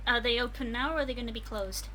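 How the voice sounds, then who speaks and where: High-voiced woman player, curious. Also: fast, sharp tone, slight background noise. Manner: curious, asks questions, laughs easily. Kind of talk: casual chat.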